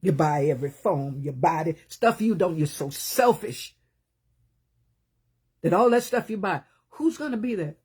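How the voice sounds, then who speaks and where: A woman preaching a sermon, talking with passion and emphasis, rising into loud bursts and then dropping to hushed, low asides. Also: expressive, a little slow, husky.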